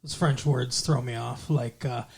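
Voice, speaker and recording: A man's voice: mid-range voice, fairly even intonation, unhurried, vocal fry, a little mellow, slightly rough. Man, podcast co-host, casual chat, joking, rambling.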